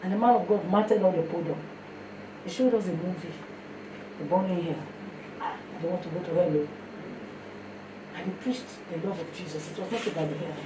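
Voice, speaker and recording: A woman with a Nigerian accent giving a sermon mixed with her own testimony, telling stories in an animated way. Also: on the low side, fairly quick, pauses often. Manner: storytelling, animated, breaks into song. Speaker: fellowship speaker. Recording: echoey room, mic heard from a distance, faint noise.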